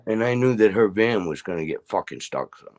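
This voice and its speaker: A man's voice: lowish voice, lively intonation, a little fast, darkish tone. A middle-aged man in casual chat, telling rambling stories full of swearing. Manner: profane, rambling storyteller.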